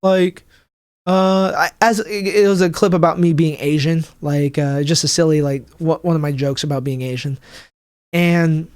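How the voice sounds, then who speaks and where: A young man hosting his own podcast as a stand-up comic, rambling and swearing, with lots of restarts and "like", acting out other people's lines in a higher voice. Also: fairly even intonation, normal speed, a little mellow, clean tone, no echo, studio quality. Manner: acts out people's quotes in a higher voice. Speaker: podcast host. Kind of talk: casual solo podcast rant. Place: home room, livestreaming.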